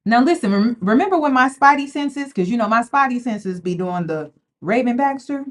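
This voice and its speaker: A woman's voice: a little high, moderate pace. A woman giving casual, slangy commentary on a reality show, chatty and talking straight to her viewers. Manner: animated, chatty, slangy, addresses viewers as y'all.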